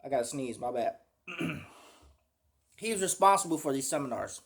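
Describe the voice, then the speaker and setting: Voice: mid-range voice, expressive, moderate pace, breathy edge. A commentator reacting to a clip, indignantly calling the speaker out, swearing and asking the viewers "y'all hear it?".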